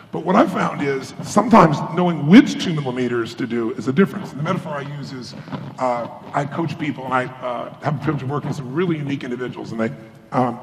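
In a large conference hall, a motivational speaker with a slightly high voice delivers a keynote to a live audience, telling stories and voicing the people in them. The recording is echoey, with faint ambience and background noise.

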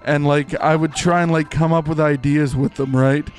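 A young man giving goofy, excitable live commentary while playing a game, rambling with many fillers. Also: on the high side, moderate pace. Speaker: streamer. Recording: faint game music behind.

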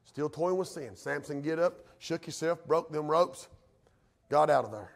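A man's voice: on the high side, animated, a little slow, gravelly. A male pastor, preaching a sermon in a folksy way that rises to fervent emphasis.

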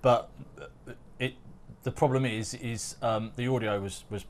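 A man's voice: mid-range voice, fairly even intonation, measured pace, slight background noise. A man with an Essex accent, co-hosting a casual podcast chat in a chatty, self-mocking, easily amused way. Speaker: podcast co-host.

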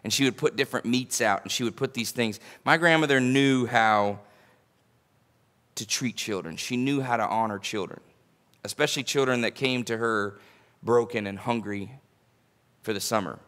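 A man preaches, mid-pitched and conversational. He tells homely stories and jokes with his congregation, folksy and sincere. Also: moderate pace, fairly bright tone. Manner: folksy storytelling with humor. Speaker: pastor. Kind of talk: sermon. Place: church sanctuary.

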